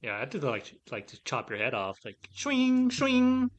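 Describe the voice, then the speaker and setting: A man co-hosting a podcast who chats casually and tells stories in an animated way, swearing often and leaning on fillers. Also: on the low side, quick pace, breathy edge. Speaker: podcast co-host. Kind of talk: casual chat.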